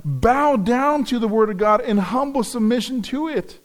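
A man's voice: extremely high pitch, lively intonation, normal speed. A man preaching a sermon as pastor, earnest and repeating key phrases for emphasis.

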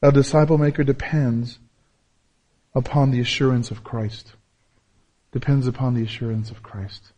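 A man preaching a sermon as pastor, repeating key phrases and swinging between loud, emphatic peaks and low, soft passages. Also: measured pace, long pauses.

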